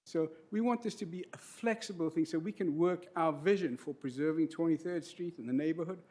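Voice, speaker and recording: A middle-aged man speaks into a podium microphone at a county meeting. He talks in an earnest, emotional way and lays out details, and his voice sits a little high for a man. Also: a little fast, darkish tone. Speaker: public commenter, trustee of local business property. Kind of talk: public comment at a county meeting. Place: county board meeting room.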